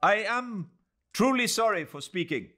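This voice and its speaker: A man voicing a proud, excitable young Indian Muslim man who talks urgently and formally. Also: sits high, measured pace, pitched above the performer's own voice, exaggerated voice. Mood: courteous.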